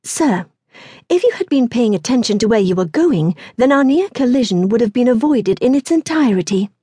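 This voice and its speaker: Storybook heroine: woman voicing a sharp-tongued young lady, slightly raised, husky, lively lilt. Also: fairly high pitch, normal speed, dry recording, clean studio sound. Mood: tart, composed. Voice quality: crisp, tart. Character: spirited, witty young gentlewoman.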